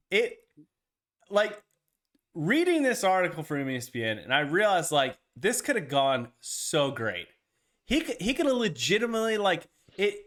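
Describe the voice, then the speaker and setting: A man's voice: on the high side, a bit bright. A man co-hosting a casual golf podcast, ranting with heavy profanity. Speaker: podcast co-host.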